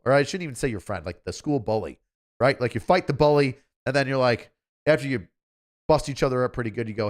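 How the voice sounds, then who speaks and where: A man's voice: mid-range voice, expressive, quick pace. A man hosting a livestream, chatting casually in a rambling, offhand way. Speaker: livestream host.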